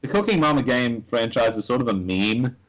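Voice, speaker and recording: A man's voice: medium pitch, big pitch swings, a little fast, rough recording. Dry-witted wisecracking man. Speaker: co-host. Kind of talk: comedic commentary chat.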